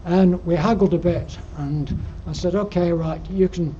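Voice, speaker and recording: A man's voice: high-pitched, steady tone, unhurried, dark tone. Older Yorkshire man telling climbing stories. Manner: rambling, dryly humorous, frequent ums. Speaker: guest speaker at alpine club. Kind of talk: anecdotal slide-show talk. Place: lecture room. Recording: dull lo-fi recording with faint noise.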